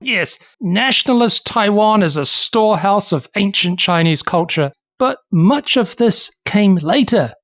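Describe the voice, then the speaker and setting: A podcast co-host tells history in a steady, explanatory way. The voice sits at a middling pitch. It is recorded close and dry, with no room echo. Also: a little slow, hardly any pauses. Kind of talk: casual history podcast chat.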